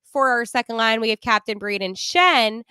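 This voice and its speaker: A woman hosts a live sports podcast in a loose, chatty manner. She breaks in with small laughs and fillers. Her voice is smooth and clear, in a dry, close sound. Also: a little high, moderate pace, pushed and bright, no room sound. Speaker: podcast host.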